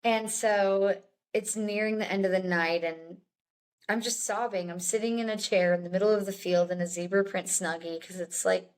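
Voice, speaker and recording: A woman's voice: mid-range voice, fairly even intonation, normal speed. Young woman guest, candid storyteller, chatty with small laughs. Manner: chatty, many "like"s, laughs between lines.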